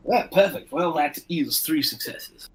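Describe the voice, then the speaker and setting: A man's voice: on the high side, unhurried, heavy background noise. Easygoing man at a tabletop game. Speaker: player. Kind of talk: tabletop play.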